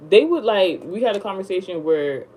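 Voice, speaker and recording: A woman telling a rambling storytime in casual slang, jumping up high when she acts surprised. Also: fairly quick, slight background noise, poor audio. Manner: rambling, slangy, animated retelling. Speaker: vlogger.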